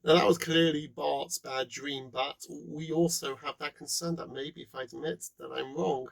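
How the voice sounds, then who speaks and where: A man giving a presentation, animated, acting out quotes and laughing now and then. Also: a little high, moderate pace, gravelly, low-quality recording. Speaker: speaker. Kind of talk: presentation talk.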